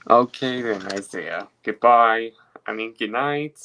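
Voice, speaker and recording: Slow-talking young man on voice chat. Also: mid-range voice, bright, forceful tone, a little hiss or hum. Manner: short agreeing replies, echoes the host. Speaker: stream guest. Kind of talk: casual voice-chat stream.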